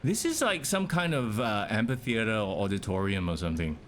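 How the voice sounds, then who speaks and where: A man's voice: fairly low pitch, expressive, a little fast, a bit bright. Young male streamer, casual running commentary, faint background noise. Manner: chatty, talks to chat, reacts to the game. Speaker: game streamer.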